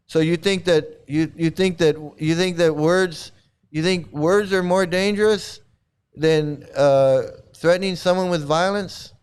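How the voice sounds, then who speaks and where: A man's voice: on the high side, clear, resonant tone. A man ranting in mocking commentary, combative and repetitive. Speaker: streamer.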